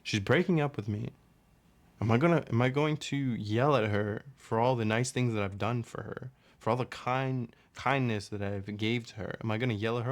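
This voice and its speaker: A young man with an everyday mid-range voice rants through breakup advice in a loose, casual monologue. He is blunt and profane, and animated, voicing his own inner back-and-forth as he goes. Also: mid-range voice, normal speed. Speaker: relationship advice talker.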